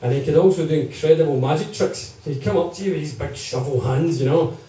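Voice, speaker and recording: Guy spinning funny yarns at a gig, mellow voice, far from the mic, big echo. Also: fairly high pitch, fast talker. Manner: chatty, keeps checking in with the crowd. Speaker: storyteller at a gig. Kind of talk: comic storytelling to a live audience. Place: live music gig. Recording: echoey live room, distant mic.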